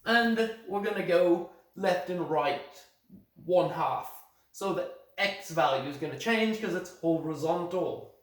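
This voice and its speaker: In a recorded remote lesson, a man plays a mock British math teacher, using a put-on British accent and a slow, higher-pitched voice. He explains things steadily step by step and corrects his own slips, recorded on a phone held at a distance in an echoey room.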